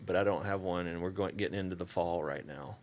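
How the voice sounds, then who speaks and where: A middle-aged man with a Southern US accent, a church staff member telling relaxed, folksy stories in an interview and acting out the dialogue. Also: low voice, fast talker. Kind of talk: casual storytelling interview.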